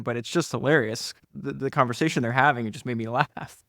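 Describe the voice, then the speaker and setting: A man hosting a solo podcast, talking enthusiastically through book passages with frequent laughs and quick asides. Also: mid-range voice, a bit bright, no echo, studio quality. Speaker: podcast host.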